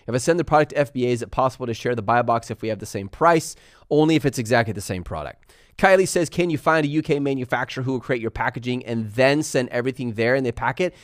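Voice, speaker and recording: A young man hosting a live stream, chatting fast and laughing as he answers viewer questions. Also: mid-range voice, dry recording, studio quality. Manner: fast-talking. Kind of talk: live Q&A chat.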